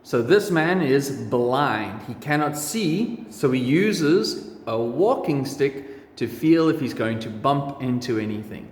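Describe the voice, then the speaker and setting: A man teaching English words to children, slowly repeating each one with exaggerated pronunciation in a classroom. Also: medium pitch, lively intonation. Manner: drawn-out, exaggerated word drills. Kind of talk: slow repeat-after-me pronunciation lesson for children. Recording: echoey room with long reverb.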